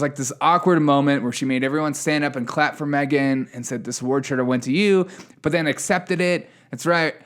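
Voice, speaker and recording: A man hosting a solo news commentary podcast, sarcastic and ranting, laughing at the headlines. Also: mid-range voice. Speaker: podcast host.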